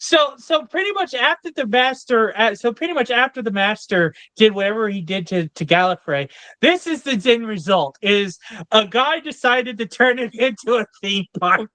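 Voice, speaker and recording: A bright, forward voice with a lively pitch, in a casual review chat. The speaker hesitates and restarts often. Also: normal speed, few pauses, no room sound. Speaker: podcast panelist.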